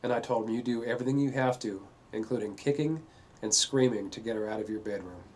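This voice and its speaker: A man speaks in a middle-pitched voice, recounting a painful family episode. He is earnest and halting, with frequent fillers. A faint hiss sits under the recording. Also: a little mellow. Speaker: father telling his family story. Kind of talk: personal testimony.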